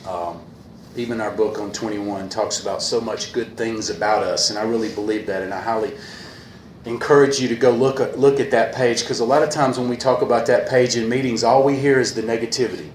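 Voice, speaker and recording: A man speaking earnestly at a recovery meeting, repeating a refrain and pausing often with fillers, a little emotional. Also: medium pitch, fairly even intonation. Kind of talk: personal talk at a meeting. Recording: echoey room with faint hiss.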